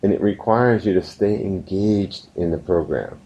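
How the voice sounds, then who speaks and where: A man giving an earnest motivational business lesson, telling stories and slowing down to stress his points. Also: low voice, warm tone. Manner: earnest, storytelling, slows down for emphasis. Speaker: business course instructor. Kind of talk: recorded motivational course lesson. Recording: slightly muffled, dull recording.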